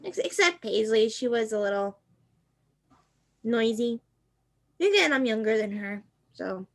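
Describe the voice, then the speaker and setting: A woman playing a blunt little squirrel girl, high voice. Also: lively intonation, measured pace, vocal fry. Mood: matter-of-fact. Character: small young female squirrel adventurer, blunt. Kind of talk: tabletop role-play.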